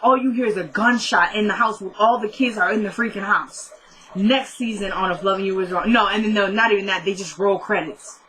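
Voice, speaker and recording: A young woman recapping a TV episode in a casual vlog, chatty and excitable, rambling with lots of "like"s. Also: medium pitch, fairly quick. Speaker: TV show reviewer.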